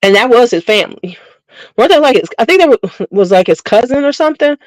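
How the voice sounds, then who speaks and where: A woman's voice: on the high side, expressive, fast talker, no room sound, rough recording. A middle-aged woman hosting her channel, chatting casually and bluntly with viewers in a gossiping, slangy way. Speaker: beauty channel host.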